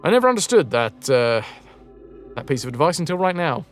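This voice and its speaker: A young man streaming a game live, chatting excitedly to his viewers with swearing and jokey asides. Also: medium pitch, moderate pace, soft background music. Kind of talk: live gameplay commentary.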